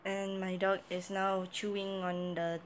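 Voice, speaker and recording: A woman's voice: medium pitch, little pitch movement, measured pace. A young woman vlogging casually at home on her phone, chatting and coaxing her dog in playful baby talk. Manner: playful sing-song baby talk to a pet. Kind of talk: casual vlog chat and talking to her dog. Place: home bathroom and bedroom, indoors. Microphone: phone camera. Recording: phone recording with clear background noise.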